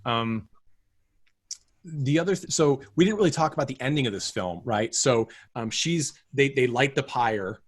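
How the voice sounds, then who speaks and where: A man's voice: mid-range voice, lively intonation, normal speed, breathy edge, dry recording. Rambling man reviewing a cult film. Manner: rambling, frequent fillers and restarts. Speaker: podcast co-host. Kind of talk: casual film review chat.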